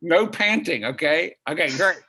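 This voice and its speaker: A man with a high speaking voice leads a virtual master class over a video call, encouraging and demonstrative. He breaks into short sung and spoken example phrases as he coaches. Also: expressive, normal speed, pushed and bright, breathy edge. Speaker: vocal coach and pianist.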